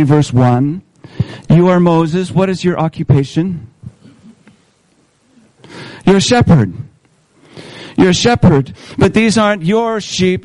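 A pastor preaches a sermon in a church service, earnestly guiding listeners through a story in the second person and repeating words as he restarts. His voice is a little high and slightly mellow, captured dry but in low quality.

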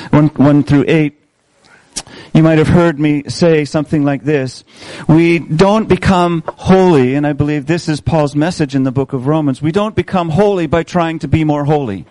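A man preaching a sermon as pastor of his congregation, speaking in a measured way and repeating key phrases for emphasis. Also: fairly high pitch, dark tone, dry recording, rough recording. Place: church service.

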